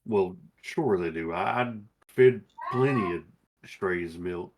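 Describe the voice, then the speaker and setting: Man player at a tabletop game, lowish voice, casual and eager. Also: takes it slowly, noisy background.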